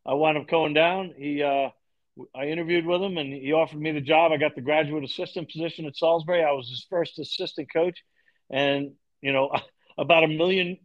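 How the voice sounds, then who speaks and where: A middle-aged man from Long Island tells long stories as a podcast guest, slipping into the voices of the people he quotes. His voice sits a little high for a man. The recording has a dull, lo-fi sound. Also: a little fast. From Long Island, New York. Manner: animated storyteller, acts out quoted dialogue. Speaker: podcast guest, lacrosse coach. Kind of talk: storytelling in a podcast interview.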